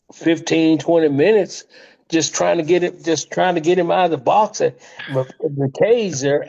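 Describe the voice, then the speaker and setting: An older man, a retired wrestler, telling animated stories in an interview, with frequent laughs and restarts. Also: a little high, vocal fry. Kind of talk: storytelling interview. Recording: slightly muffled lo-fi audio.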